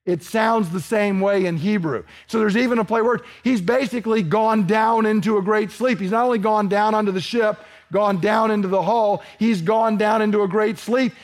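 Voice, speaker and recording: A man's voice: sits high, steady tone, moderate pace, hardly any pauses. A man preaching a sermon, telling it in a folksy way with personal stories and asides. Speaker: pastor.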